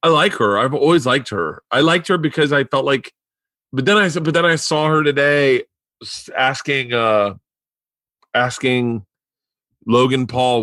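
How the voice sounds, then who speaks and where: A man's voice: medium pitch, measured pace, fairly bright tone, no room sound, clean studio sound. Profane storytelling podcast host, man. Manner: profane, storytelling, laughing often. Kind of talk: casual podcast chat.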